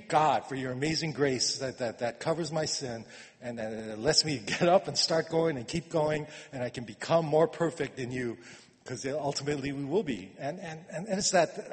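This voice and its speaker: A man preaching a sermon in a conversational way, repeating words and swinging from quiet asides to emphatic urging. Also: fairly high pitch. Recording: long reverb of a hall.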